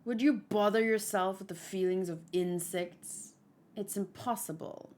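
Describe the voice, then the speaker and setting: A woman's voice: medium pitch, a little slow, darkish tone. A woman hosting a manga read-along, reading a comic aloud and adding emotional, rambling commentary.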